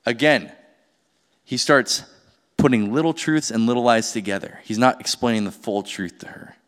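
A man's voice: mid-range voice, normal speed, a bit bright. A male pastor preaching a sermon in a conversational way, often asking the audience rhetorical questions. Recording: long hall reverb.

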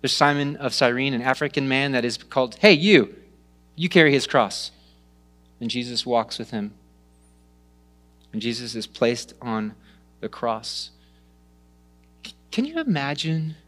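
Animated male pastor preaching. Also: medium pitch, a little slow, long pauses, faint music behind. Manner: animated storytelling, dropping to hushed tones. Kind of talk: sermon.

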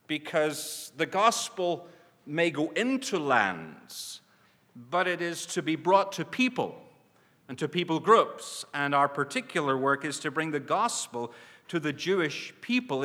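A man's voice: on the high side, pushed and bright. A man speaking earnestly at a church, preaching on mission with emphatic stresses and frequent restarts. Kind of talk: preaching address. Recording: reverberant hall.

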